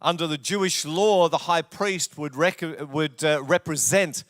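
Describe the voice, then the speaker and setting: A man's voice: on the high side, measured pace, dry recording, studio quality. A male pastor with an Australian accent preaching a sermon, telling stories with jokey asides. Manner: jokey, storytelling, warm asides. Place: church.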